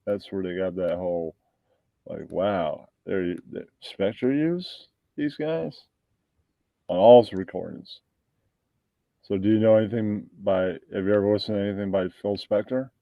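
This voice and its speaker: A man's voice: fairly low pitch, a little slow, gravelly, no echo, lo-fi sound. A man chatting casually in an online voice chat, joking around and rambling about old music.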